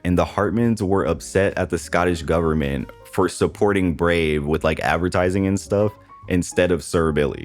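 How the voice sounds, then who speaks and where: A man's voice: low-pitched, darkish tone. A man doing a comedic movie review voice-over in a sarcastic, exasperated, slangy way.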